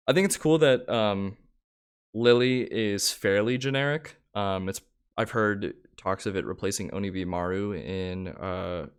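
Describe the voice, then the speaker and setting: A man's voice: deep voice, smooth. A young man co-hosting a casual card-game podcast, talking in a rambling way with many fillers and restarts. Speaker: podcast co-host.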